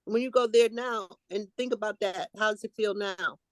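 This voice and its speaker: A woman's voice: mid-range voice, moderate pace, no room sound. A woman hosting a group video call, coaching the others and animatedly acting out the voice of resistance.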